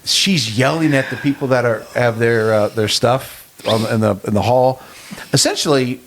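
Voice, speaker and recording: A middle-aged man co-hosting a casual podcast, telling an animated travel story with chuckles. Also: medium pitch, moderate pace, a little hiss or hum. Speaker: podcast co-host. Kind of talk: casual chat.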